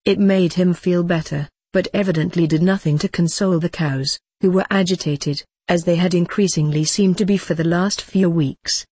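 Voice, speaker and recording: A narrator reading a tense rural story in a steady, measured audiobook style, with a husky tone. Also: medium pitch, no echo, studio quality.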